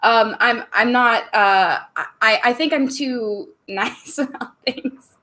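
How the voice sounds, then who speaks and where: A woman's voice: on the high side, takes it slowly, sharp tone. A woman hosting a casual livestream from a room at home, chatty and bubbly, laughing often between thoughts. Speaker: livestream host.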